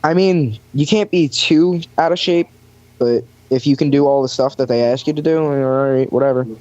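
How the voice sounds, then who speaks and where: A man's voice: medium pitch, moderate pace, darkish tone, dry recording. Young man rambling through a story, dry lo-fi sound. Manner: rambling storyteller with many fillers, acts out quoted voices. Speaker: podcast guest recounting lifeguard job. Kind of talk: casual chat.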